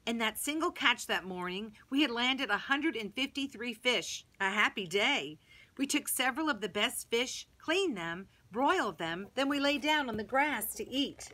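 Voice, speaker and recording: A woman teaching Sunday school, telling a Bible story to young children in an expressive storytelling voice. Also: on the high side, moderate pace, slight background noise.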